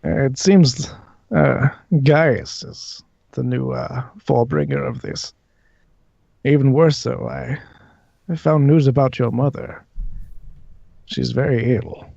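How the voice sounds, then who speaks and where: Conniving, confiding shipmate, game master voicing him, plain voice, lo-fi. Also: male voice, mid-range voice, steady tone, slow pace, creaky, long pauses, mellow, no echo, exaggerated voice.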